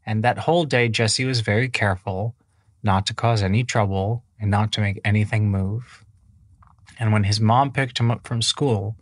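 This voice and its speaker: Male storyteller, low voice, loose improvised kids' tale, dry sound. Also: dry recording. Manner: casual, many fillers, rambling. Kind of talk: improvised children's bedtime story.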